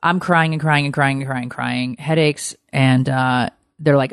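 A woman hosting a podcast, telling a personal story in a candid, animated way and swearing freely. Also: extremely low pitch, measured pace, clean tone, no echo, clean studio sound. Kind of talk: casual storytelling chat.

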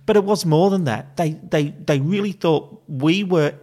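A man's voice: on the high side, moderate pace, dark tone. A man who hosts the show, talking with his guest in a thoughtful way. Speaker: show host. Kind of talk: interview chat.

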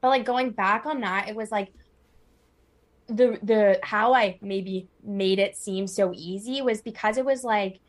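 A woman's voice: medium pitch, a little slow. Woman, 20s, podcast guest, casual chat, rambling, filler words.

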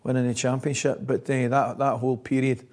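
A man's voice: medium pitch, fairly quick. A man with a Scottish accent, a former football coach, telling stories in an interview, laughing often and checking in with "right?". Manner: lively storyteller, laughs often, says "right?" constantly. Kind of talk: anecdotal interview chat.

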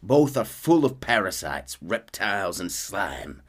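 A man's voice: on the low side, sing-song, unhurried, slightly rough, exaggerated voice. A man reading as a weary outlaw keeping a diary.

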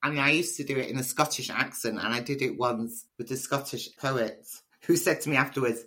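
A chatty poet from Liverpool, England, answers interview questions conversationally, telling stories with animation. Her voice is very deep, fairly quick, and has few pauses.

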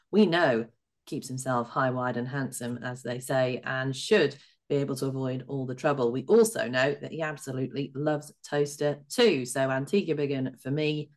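A woman co-hosting a racing betting podcast, briskly running through the runners and passing the floor to her guests. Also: rumbling low, darkish tone. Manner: brisk, runs through lists and hands over to guests. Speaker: podcast co-host. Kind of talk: betting preview chat.

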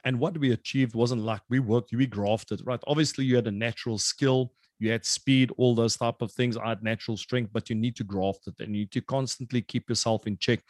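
A man's voice: medium pitch, steady tone, a little fast, hardly any pauses, a little mellow, no echo, clean studio sound. A man, a former rugby player, chatting casually with lots of fillers and putting a question to a fellow player. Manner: chatty, filler-heavy, jovial. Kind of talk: casual chat.

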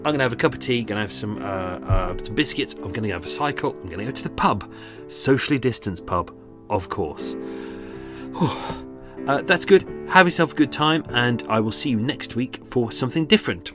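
A man's voice: medium pitch, lively intonation, brisk, over music. A man hosting a true crime podcast, rambling casually with many fillers and restarts, a little out of breath. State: slightly out of breath. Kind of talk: casual unscripted narration.

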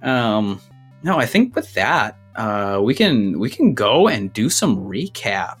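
A man's voice: lowish voice, very animated, slow, a bit bright, faint music behind. A man running a tabletop game as game master, rambling through rule changes and a recap, a bit out of breath. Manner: rambling, self-interrupting, laughs at his own jokes.

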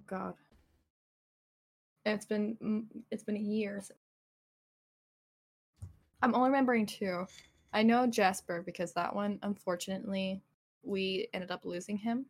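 A woman chatting casually on a livestream podcast, playful and giggly, often stumbling into restarts. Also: mid-range voice. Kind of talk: casual chat.

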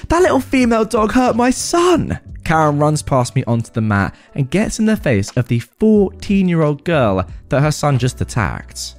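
A man hosting a storytime podcast, reading a story aloud in an expressive, animated way. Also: medium pitch.

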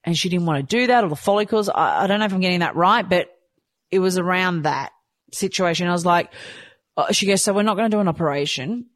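A woman's voice: fairly low pitch, fast talker, dry recording. Woman, 30s, candid personal storyteller, emotional swings, dry close sound. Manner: emotional, candid, swears, swings between quiet and excited. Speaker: vlogger sharing her own story.

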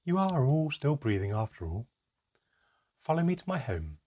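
A man voicing a calm, aloof female elf in an audiobook, speaking in a measured way with deliberate pauses and a husky voice. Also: mid-range voice, dull audio, voice pushed up. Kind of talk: audiobook character reading.

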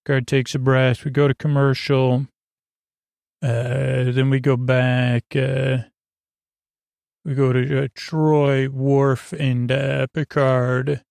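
A man rambling and halting through a casual, sleepy recap of a TV episode, full of filler words. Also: mid-range voice, flat delivery, gravelly, a little mellow, no echo. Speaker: podcast host.

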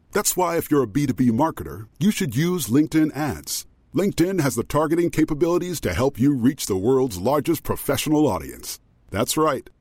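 A deadpan ad figure bragging about the deepest voice in the world, as a man puts him on. His pitch swings widely and his tone is husky. The recording is dry and close. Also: dry recording. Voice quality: very deep voice. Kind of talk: radio ad.

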